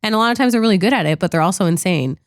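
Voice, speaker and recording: A woman's voice: mid-range voice, racing, no echo, clean studio sound. A woman co-hosting a podcast, chatting casually about a movie, talking loosely with lots of "like" and the odd swear. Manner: chatty, animated, peppered with "like" and swearing. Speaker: podcast co-host. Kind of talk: casual movie review chat.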